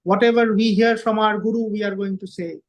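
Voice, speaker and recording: Male speaker with a high pitch, leading a devotional class; emphatic and repetitive, asks rhetorical questions. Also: fairly even intonation, a little fast, low-quality recording. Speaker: lecturer on scripture.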